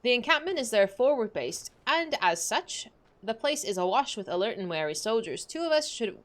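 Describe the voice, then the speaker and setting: A woman reading the quest lines of an impatient, sharp-tongued female warrior scout in a curt, scolding way, with a lively voice. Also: on the high side, moderate pace. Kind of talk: reading quest dialogue aloud.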